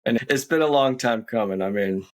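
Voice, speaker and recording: A man in his thirties, a podcast guest, telling a personal story in a slow, reflective, candid way. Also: mid-range voice.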